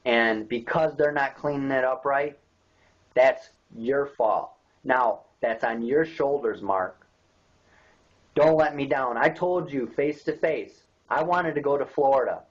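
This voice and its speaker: Man, indignant webcam rant, mid-pitched voice, muffled lo-fi sound. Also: a little slow. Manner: indignant, repetitive, rhetorical questions. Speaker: local activist vlogger. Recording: dull lo-fi webcam audio.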